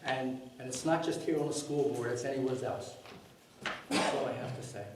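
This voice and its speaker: A man's voice: medium pitch, fairly quick, very noisy. A man giving a public comment at a meeting, telling a story bluntly and with exasperation, swearing and acting out what people said. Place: large meeting room. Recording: echoey meeting room from far off.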